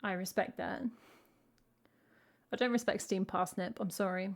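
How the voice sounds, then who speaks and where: A woman's voice: mid-range voice, steady tone, unhurried. A woman from England, a singer-songwriter chatting playfully with wry jokes between songs on her live stream. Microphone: headphones and stream mic.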